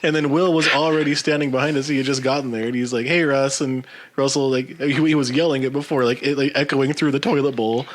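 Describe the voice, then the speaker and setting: A man relates an anecdote to his brothers, laughing his way through it. His voice is a middle pitch, relaxed and conversational. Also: quick pace, noisy background. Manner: animated storyteller, laughs as he talks. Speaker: podcast co-host. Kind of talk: casual chat among brothers.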